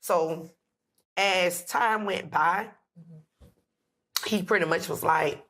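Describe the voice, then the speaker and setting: Woman, low pitch, breathy, emotional storytelling, quotes every line of dialogue. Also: slow pace, a bit bright. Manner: emotional, retelling dialogue with many "I said, he said". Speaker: podcast guest. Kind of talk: personal storytelling.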